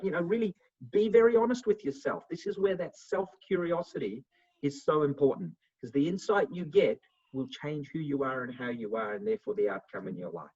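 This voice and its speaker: A man giving a motivational webinar talk over a video call, answering questions and acting out little dialogues in a lively way. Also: a little high, brisk, slightly rough. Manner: animated, acts out little dialogues. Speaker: webinar speaker. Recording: muffled video call audio.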